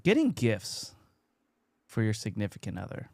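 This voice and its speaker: Upbeat joking podcast host, dry close mic. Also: male voice, fairly low pitch, huge pitch swings, moderate pace, a little mellow, dry recording. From USA. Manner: upbeat, jokey, trailing off. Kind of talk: casual podcast chat. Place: home studio, Long Beach, California.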